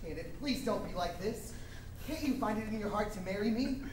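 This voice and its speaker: A woman's voice: mid-range voice, lively intonation, fairly quick, reverberant, far from the mic, natural voice. A woman playing an earnest, lovesick young groom on stage, pleading sincerely. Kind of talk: musical theater acting.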